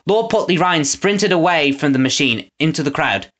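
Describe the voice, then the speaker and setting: A woman narrating a children's storybook. Her voice sits on the low side, yet her intonation rises and falls expressively. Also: normal speed. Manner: expressive reading, lively intonation. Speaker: audiobook narrator.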